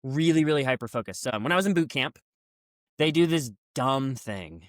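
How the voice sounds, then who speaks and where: A man speaking as a guest coach on a podcast, telling stories in a lively way and acting out quoted lines with a raised voice. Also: medium pitch, moderate pace, no room sound, studio quality. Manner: lively storyteller who acts out quotes with raised voice. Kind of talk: conversational podcast storytelling.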